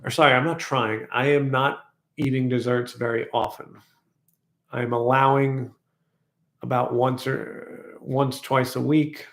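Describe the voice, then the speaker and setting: A man telling a personal story in a casual vlog, reflective and rambling, slowly repeating affirmations. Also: medium pitch, little pitch movement, a bit bright, echoey room. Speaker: vlogger.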